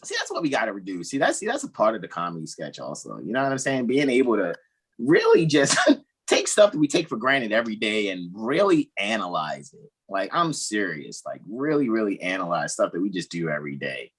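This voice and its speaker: A man hosts a casual group chat over a video call. He rambles and jokes, laughs easily, and his pitch jumps all over the place. His voice has a slight husk to it. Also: wildly swooping pitch, a little fast, fairly bright tone, breathy edge. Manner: loose, joking, laughs often, rambling asides. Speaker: host.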